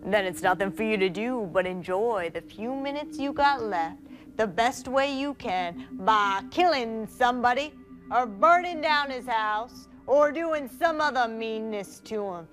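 A woman's voice: on the high side, lively intonation, a little slow, soft background music. A woman voicing a drawling, menacing male killer.

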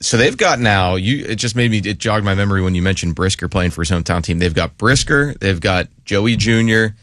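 Deep-voiced sports radio co-host. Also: male voice, a little fast, a bit bright, no echo. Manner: conversational, asks long rambling questions.

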